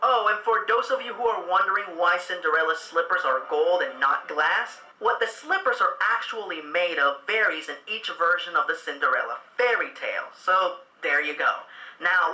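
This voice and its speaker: A man's voice: high voice, sing-song, moderate pace, bright, forceful tone. Sarcastic male reviewer in an echoey room. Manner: sarcastic, exasperated, mocking. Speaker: film reviewer. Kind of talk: sarcastic comedic film review narration. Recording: echoey room with faint background noise.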